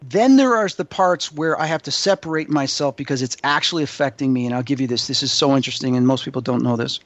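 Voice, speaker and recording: A man being interviewed as a psychic medium, telling his story with animated emphasis. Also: a little high, no echo. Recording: dull dry lo-fi sound.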